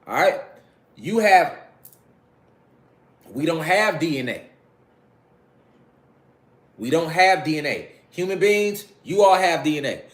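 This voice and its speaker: A man giving a casual spiritual lecture, preaching to his listeners, repeating phrases and calling them family. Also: fairly high pitch. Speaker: spiritual talk host.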